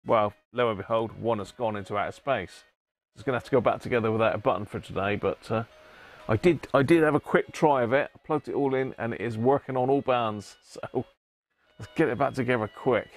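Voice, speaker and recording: A man's voice: medium pitch, brisk. A man hosting a casual livestream, chatting with viewers and greeting them by name, laughing often. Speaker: livestream host. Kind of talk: casual live chat with viewers.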